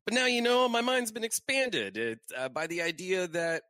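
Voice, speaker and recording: A man's voice: high-pitched, moderate pace, sharp tone, no room sound, pitched above the performer's own voice. A man voicing a cocky, wisecracking masked male antihero with a jokey, flirty, rambling manner. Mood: joking.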